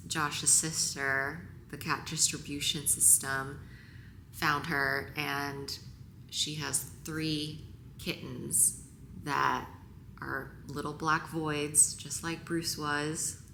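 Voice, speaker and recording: A low-pitched woman speaks to camera in a roomy, echoing space with steady background noise. She is tearful and halting, her voice sometimes sinking to a whisper. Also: creaky. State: crying. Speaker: vlogger. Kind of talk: emotional on-camera talk.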